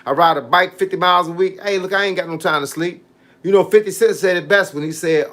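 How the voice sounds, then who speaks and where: Man in his fifties, boxing coach, livestream chat, fairly high voice, animated, slangy, preachy advice. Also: fast talker. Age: 50s. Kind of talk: casual livestream chat reading comments.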